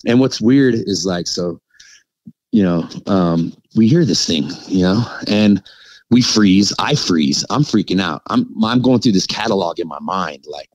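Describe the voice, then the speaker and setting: This podcast guest has a low, animated, slightly mellow voice, captured with poor audio and no echo. Recounting an encounter to the host, he tells it loosely and haltingly, peppered with "like," "you know," and false starts.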